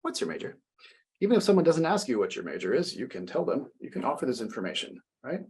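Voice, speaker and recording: A young man teaching a French lesson, explaining words slowly and translating each phrase. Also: mid-range voice, big pitch swings, a little mellow, slightly rough. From United States. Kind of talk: classroom language lesson.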